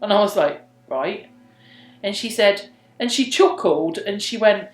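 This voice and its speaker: A young woman telling a true story in casual chat, drops soft and breathy for quoted lines. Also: mid-range voice, animated, unhurried, faint music behind. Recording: echoey room.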